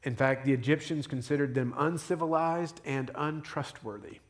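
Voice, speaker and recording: Lively preaching man, fairly high voice. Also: moderate pace. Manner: lively storytelling preacher, acts out voices of the story figures. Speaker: pastor. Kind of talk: sermon.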